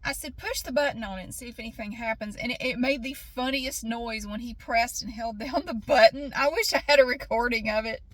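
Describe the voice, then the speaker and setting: A middle-aged woman rambles through a casual vlog, talking to the camera as if to a friend. Her voice sits a little high and she breaks into laughs often. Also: brisk, few pauses, dry recording. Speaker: vlogger.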